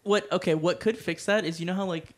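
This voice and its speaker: Higher-voiced young man, rambling chat. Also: fairly even intonation, quick pace. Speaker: podcast co-host. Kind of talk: casual chat.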